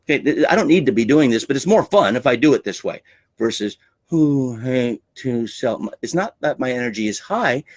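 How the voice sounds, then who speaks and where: A man's voice: mid-range voice, lively intonation, moderate pace, no room sound. A man coaching on sales with a theatrical, emphatic way of talking. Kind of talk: teaching talk on selling.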